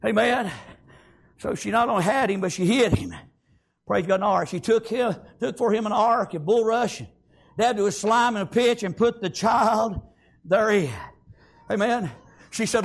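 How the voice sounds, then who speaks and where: A man's voice: high voice, normal speed. A man preaching a fervent sermon, peppering it with amens and praise God.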